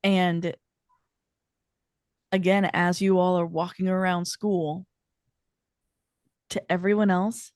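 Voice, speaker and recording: A woman running a tabletop role-playing game as game master, playful and quick to laugh. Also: lowish voice, level tone, a little mellow, clear, resonant tone, no echo, studio quality.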